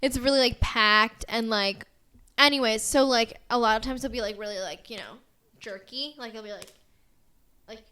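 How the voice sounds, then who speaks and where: A woman's voice: on the high side, normal speed, sharp tone, clean tone. A young woman with an American accent, co-hosting a podcast in bubbly casual chat, full of "like" and giggles. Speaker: podcast co-host.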